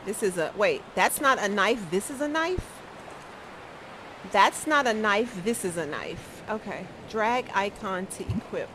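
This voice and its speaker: Speaking at a normal pace with barely a pause, a female streamer uses a medium-pitched, slightly bright voice and lively intonation. The recording is rough with some light noise behind her as she laughs often and chats casually with viewers about her game.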